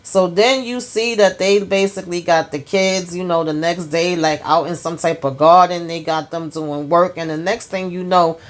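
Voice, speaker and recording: A woman giving a sassy, animated recap of a TV episode, talking straight to her viewers. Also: on the low side, normal speed, hardly any pauses. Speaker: TV episode reviewer. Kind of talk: casual recap monologue.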